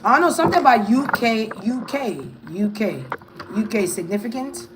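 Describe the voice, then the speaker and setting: A woman's voice: fairly high pitch, lively intonation, moderate pace, heavy background noise. A woman giving a casual tarot reading, thinking aloud in a hesitant, musing way. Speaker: tarot reader.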